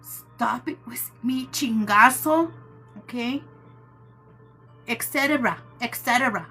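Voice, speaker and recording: A woman's voice: fairly high pitch, a little slow, fairly bright tone, slightly rough, faint music behind. A woman hosting a live tarot stream, talking casually with viewers in a chatty, teasing way and calling them "my love.".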